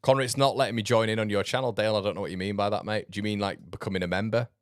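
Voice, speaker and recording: Man, casual livestream host, blunt, sarcastic, laughs a lot, deep voice. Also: steady tone, racing, no echo, studio quality. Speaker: football fan channel host. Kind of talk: casual livestream chat reading comments.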